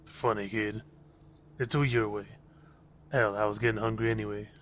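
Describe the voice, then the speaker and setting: A man voicing a gruff, sardonic male Nosferatu vampire with a gravelly voice and a blunt, grumbling manner. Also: lowish voice, flat delivery, normal speed, slight background noise, voice pushed down, close to an everyday voice. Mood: grudging.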